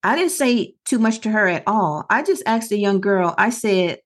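Speaking with lively intonation at a moderate pace, a middle-aged podcast co-host uses her mid-range voice to tell a story earnestly. She keeps it conversational and voices the other people's lines herself.

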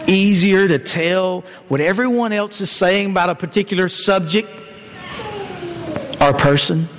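A man's voice: high voice, measured pace, long reverb tail, crowd noise, rough recording. A man preaching a sermon, citing scripture verses and putting rhetorical questions to the congregation.

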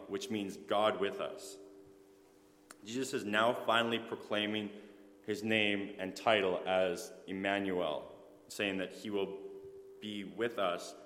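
A man's voice: sits low, a bit bright, echoey room, long reverb tail. A man giving an earnest sermon in a church, stopping now and then for fillers and self-corrections. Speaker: preacher.

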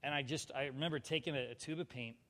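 A man preaching a personal testimony, animated and self-mocking, acting out his own lines. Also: mid-range voice, fast. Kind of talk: storytelling sermon. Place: large hall before a live audience. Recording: long reverb of a large hall.

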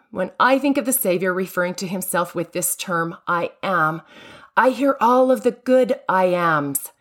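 Podcast host, female, earnest devotional delivery with emphatic pauses, mid-range voice. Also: medium pitch. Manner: earnest, emphatic, lingers on key phrases.

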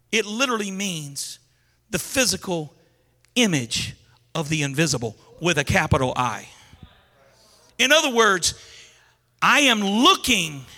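A man preaching a sermon in a casual, animated way, wandering off on side paths and building up to shouts. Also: sits high. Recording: long hall reverb.

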